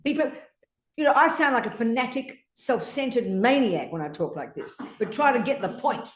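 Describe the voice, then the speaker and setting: A woman's voice: on the high side, expressive, moderate pace. An older woman Buddhist teacher, questioning a student in a brusque, confrontational way and swearing freely. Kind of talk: blunt teaching exchange with a student. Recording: echoey teaching room.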